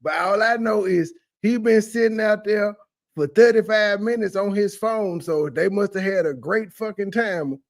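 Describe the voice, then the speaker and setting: Male reaction commentator with a high voice, crude and mocking. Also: moderate pace. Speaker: commentary YouTuber.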